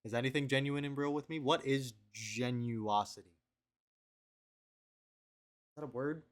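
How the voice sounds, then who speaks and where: A man's voice: mid-range voice, fairly even intonation, unhurried. A young man rambling through a confessional video diary at home on his webcam, trailing off and repeating himself. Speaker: video diarist.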